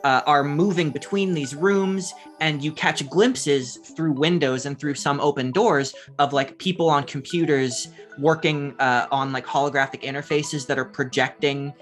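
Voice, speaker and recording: A man's voice: fairly high pitch, fairly even intonation, normal speed, few pauses, a bit bright, soft background music. A man narrating as game master of a tabletop game, describing scenes casually with lots of fillers.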